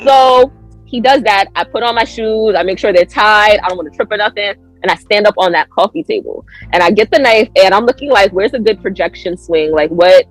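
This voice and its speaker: A woman's voice: fairly quick, faint music behind, low-quality recording. A woman guest on a podcast telling a story in casual chat, acting out quoted lines with big jumps in her voice. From United States. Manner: animated, acts out quotes with big pitch jumps.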